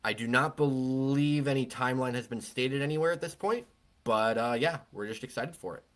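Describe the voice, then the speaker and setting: A man's voice: mid-range voice, fairly quick. A man co-hosting a casual beer podcast, talking in a rambling, conversational way with frequent restarts. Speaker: podcast co-host. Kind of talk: casual chat.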